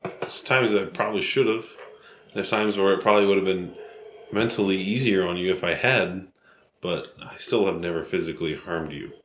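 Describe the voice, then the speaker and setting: A young adult man co-hosting a podcast, bickering casually, sarcastic and defensive in quick bursts. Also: deep voice, a bit bright. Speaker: podcast co-host. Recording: roomy home recording, faint hiss.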